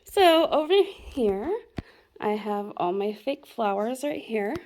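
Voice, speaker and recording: A woman's voice: a little high, expressive, slow, a little mellow, a little hiss or hum. A young woman giving a rambling, self-deprecating tour of her craft room at home, chatting casually and laughing at herself. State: a bit out of breath. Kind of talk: casual chat.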